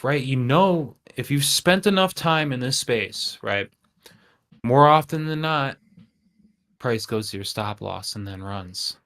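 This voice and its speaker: Man hosting a trading livestream, animated. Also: medium pitch, a little slow, pauses often. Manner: animated, rhetorical questions, frequent "right?". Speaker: trading channel host. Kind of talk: casual livestream talk.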